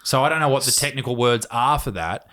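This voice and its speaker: A man's voice: medium pitch, fast, pushed and bright. Australian man telling a sweary story. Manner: laid-back storytelling, heavy swearing, laughing through the story. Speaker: podcast host. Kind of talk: casual chat.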